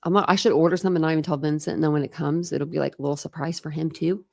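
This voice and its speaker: A woman's voice: low-pitched, fairly even intonation, racing, gravelly. A woman hosting a casual true crime livestream, chatting with viewers in a rambling way and reading their comments aloud. She grew up in Ohio. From Ohio, born in Philadelphia. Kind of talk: casual chat with live chat viewers.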